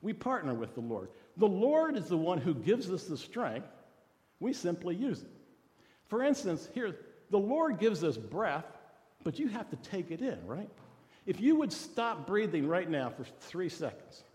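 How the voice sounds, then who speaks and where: A man preaching a sermon in an animated, conversational way, asking the listeners rhetorical questions. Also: high voice, unhurried, in a large hall. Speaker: pastor.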